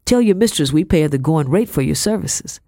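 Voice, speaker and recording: A woman's voice: low voice, animated, brisk, mellow, no echo, studio quality. A woman voicing a greedy older male prison guard who talks in a wheedling, folksy colonial way.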